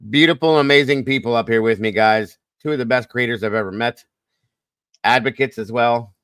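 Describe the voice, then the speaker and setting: A man hosting a livestream, rattling off quick, folksy greetings to viewers by name. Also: medium pitch, a bit bright, clear, resonant tone, no echo, studio quality. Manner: fast, folksy greetings with Southern-style phrasing. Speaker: livestream host. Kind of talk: casual livestream shout-outs.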